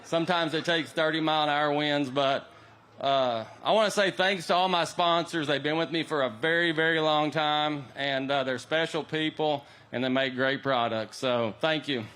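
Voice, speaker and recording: A man's voice: on the high side, moderate pace, fairly bright tone, clean tone. Wry self-deprecating angler man. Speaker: pro angler.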